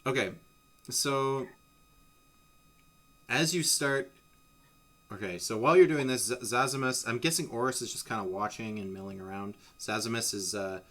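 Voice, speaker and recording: A man's voice: medium pitch, normal speed, pauses often, a bit bright. A man narrating a tabletop game as game master in a casual, rambling way with many restarts. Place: home streaming setup.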